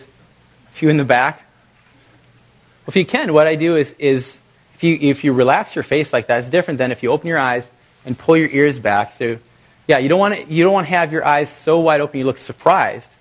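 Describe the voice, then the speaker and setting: A middle-aged man giving an energetic coaching talk to a live workshop audience. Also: a little high, fast talker. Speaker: video presentation trainer.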